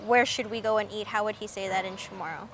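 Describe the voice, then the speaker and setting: A woman's voice: mid-range voice, steady tone, fast talker, a little hiss or hum. A woman hosting a public affairs segment, asking curious questions and repeating phrases to learn them.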